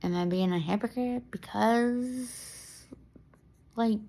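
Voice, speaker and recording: A young woman talking casually to camera in a vlog, rambling and excitable, laughing often and restarting her sentences. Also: fairly high pitch, takes it slowly, vocal fry. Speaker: vlogger. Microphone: camera mic.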